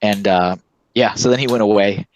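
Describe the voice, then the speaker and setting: Low-voiced man telling a story. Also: moderate pace, a little hiss or hum, poor audio. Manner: animated storytelling, acts out quotes with laughs. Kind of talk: casual chat.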